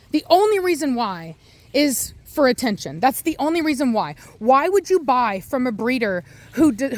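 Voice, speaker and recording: A woman's voice: sits high, dry recording. A woman who breeds and trains dogs, ranting bluntly and with exasperation in an opinionated commentary.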